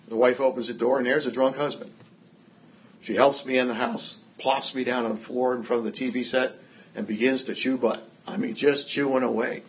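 Older man, recovery speaker, wry storyteller, middle-pitched, lo-fi phone-like audio. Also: slight background noise. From Massachusetts. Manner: wry storytelling, self-mocking humor. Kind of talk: personal recovery story told to a group.

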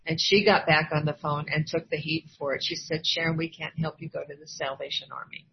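With a low, flat, brisk delivery, an older Iowa woman recounts her own recovery to a meeting, speaking candidly and acting out quoted voices. The dull lo-fi recording has faint ambience and a little hiss or hum.

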